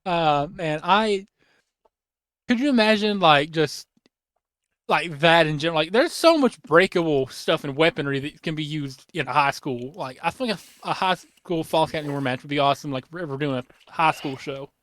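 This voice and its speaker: A young man hosting a casual podcast, rambling excitedly with lots of fillers and restarts, his voice a little worn. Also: on the high side, normal speed, dry recording. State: losing his voice. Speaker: podcast host.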